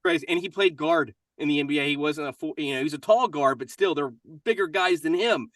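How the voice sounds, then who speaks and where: A man's voice: fairly high pitch, brisk, fairly bright tone, dry recording, far from the mic. A man in his forties with a Kentucky accent, chatting as a guest in an interview in a friendly, upbeat way. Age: 40s. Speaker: guest voice actor. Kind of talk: casual interview chat.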